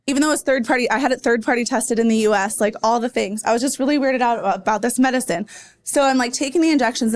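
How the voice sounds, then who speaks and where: A podcast host in her thirties tells a long story at a live event, casual and chatty, full of fillers. Her voice sits fairly high. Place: live event before an audience.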